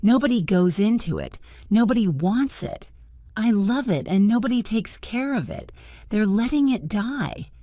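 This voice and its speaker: A woman voicing a timid, eager young girl who pleads and rushes her words in a storybook reading. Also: medium pitch, expressive, mellow, no echo, studio quality, voice pushed up, lightly acted. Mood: pleading.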